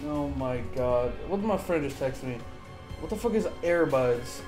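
A man's voice: mid-range voice, animated, normal speed, music in the background. A young man making a gaming video, ranting in an agitated, profane way. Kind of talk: profane live-reaction rant.

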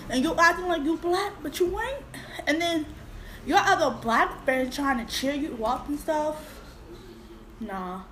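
A woman's voice: high-pitched, animated, measured pace, a bit bright, a little hiss or hum, rough recording. A woman hosting a casual reaction video, blunt and outspoken in her commentary.

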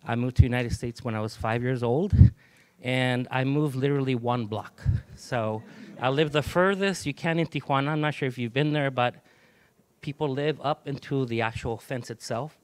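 A middle-aged man from Mexico, an artist and museum curator, leading a group through a gallery with a relaxed manner and many ums. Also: medium pitch, normal speed. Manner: relaxed, with frequent ums and restarts. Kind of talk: gallery tour talk to a group. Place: inside an art museum gallery.

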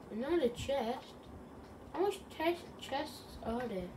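A woman's voice: on the high side, a little slow. Rambling jokey female gamer, distant mic. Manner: rambling, silly and self-joking. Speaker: gaming channel host. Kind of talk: casual gameplay commentary. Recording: distant mic with clear background noise.

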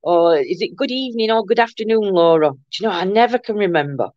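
A woman's voice: medium pitch, expressive, quick pace, no echo. Chatty older woman livestream host. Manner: chatty, greets viewers with endearments, giggly. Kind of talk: casual live chat reading comments. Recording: muffled lo-fi dry room sound.

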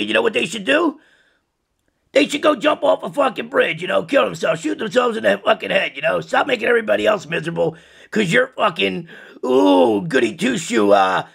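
A man's voice: extremely high pitch, creaky, pushed and bright, slightly rough, heavily acted. A man voicing a crude, foul-mouthed purple dinosaur who rants profanely at kids in a parody monologue. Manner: ranting, profane, lecturing kids.

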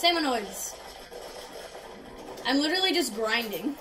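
A woman doing gameplay commentary, reacting loudly with exclamations and self-conscious laughter. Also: high voice, expressive, normal speed, pauses often, distant mic, low-quality recording. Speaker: gaming YouTuber. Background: game music.

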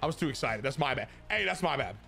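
A young man hosting a gaming channel, giving excited commentary on his baseball video game and cheering and shouting at the plays. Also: medium pitch, quick pace, vocal fry, faint music behind. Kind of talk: excited live gameplay commentary.

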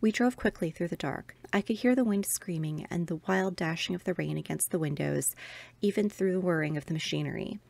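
Gravelly-voiced woman reading a ghost story. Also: fairly low pitch, a little fast, darkish tone, dry recording. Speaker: podcast host reading aloud.

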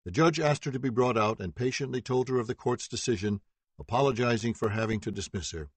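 A man reading a true-crime audiobook as narrator, steady and even, voicing quoted dialogue lightly. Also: mid-range voice, quick pace, husky, no room sound. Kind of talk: scripted narration.

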